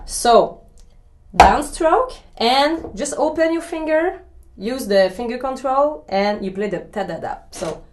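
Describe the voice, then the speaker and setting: A woman drummer with a voice on the high side guests in a casual interview, chatty and laughing often, then gives a pad lesson explaining a drum exercise step by step. The room is echoey, with slight background noise.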